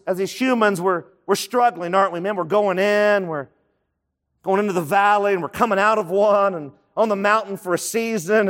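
A man's voice: sits high, a bit bright. A man preaching a sermon as pastor, emphatic and repeating his key points so the congregation can write them down. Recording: long reverb of a large hall.

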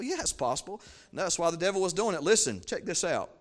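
A man preaching a sermon, fervent and repetitive, swinging from low asides to loud emphatic peaks. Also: sing-song, quick pace. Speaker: pastor.

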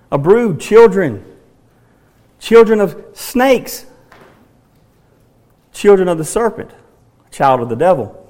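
Emphatic high-voiced male preacher. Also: darkish tone. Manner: emphatic, dramatic rereading of quoted lines. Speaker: pastor. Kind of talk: sermon.

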